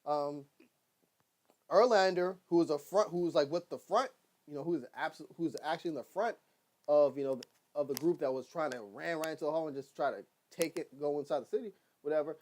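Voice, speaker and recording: A man casually recapping a TV episode, rambling and excitable, swearing often and acting out what characters say. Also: on the high side, a little fast. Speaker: TV episode reviewer.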